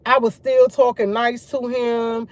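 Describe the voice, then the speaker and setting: A young woman vlogging to her viewers, retelling a run-in in an animated, emphatic way with slang and swearing. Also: a little high, unhurried, no room sound. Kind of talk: casual storytelling chat.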